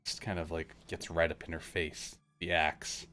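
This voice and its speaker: A man with a low, bright voice narrates a tabletop game as game master. He talks in a relaxed, halting way, full of fillers. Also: faint music behind.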